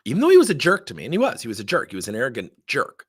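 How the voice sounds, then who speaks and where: A man's voice: mid-range voice, rapid-fire, slightly rough, no echo, clean studio sound. A middle-aged man as a sales trainer, telling blunt, emphatic stories in a workshop webinar. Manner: animated, blunt, emphatic storyteller.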